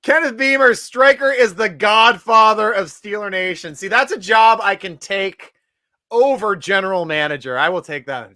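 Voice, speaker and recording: A man's voice: high voice, normal speed, pushed and bright, no echo. Man host, light tense tone, dry close mic, chatty and jokey. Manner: jokey, laughs a lot, announcer-style guest intros. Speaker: podcast host. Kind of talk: casual chat.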